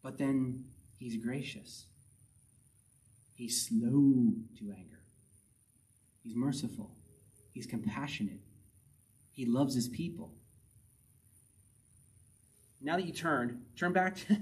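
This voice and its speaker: A man's voice: mid-range voice, unhurried, pauses often. Man preaching a conversational sermon from a distance. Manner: conversational preaching, reads scripture aloud, emphatic repetition. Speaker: pastor.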